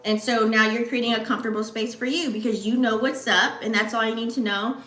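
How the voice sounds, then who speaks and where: Woman doing a chill astrology reading, slangy and chatty, brightish higher voice, echoey room. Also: steady tone, a little fast, faint music behind. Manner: slangy, chatty, addresses viewers directly. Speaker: astrology channel host. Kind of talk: casual astrology reading to camera.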